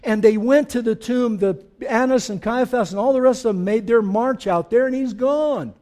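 A man with a high, light voice preaches in a church sanctuary. He talks with his congregation in joking asides, then moves between soft reflection and firm, emphatic statements. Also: normal speed. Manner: swings from quiet reflection to emphatic declarations. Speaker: pastor. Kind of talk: sermon.

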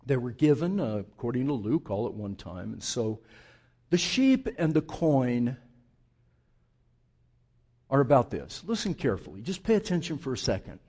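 A man's voice: medium pitch, very animated, moderate pace, long pauses, dark tone, husky. A male pastor preaching a sermon, speaking straight to his congregation and acting out the voices of the people in his story.

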